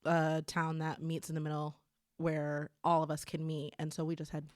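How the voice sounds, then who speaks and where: A woman's voice: deep voice, monotone, moderate pace, no room sound, studio quality. A woman in her thirties, a chef co-hosting a podcast, chatting casually with frequent laughs. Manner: giggly, easygoing. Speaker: podcast co-host. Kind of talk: casual chat.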